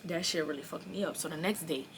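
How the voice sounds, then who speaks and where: A woman in her early twenties telling a personal story in a casual, animated and profane way, acting out the dialogue. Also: on the low side, fast talker, gravelly, a little hiss or hum. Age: early 20s. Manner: animated, blunt and profane, acts out quoted dialogue. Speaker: storyteller vlogger.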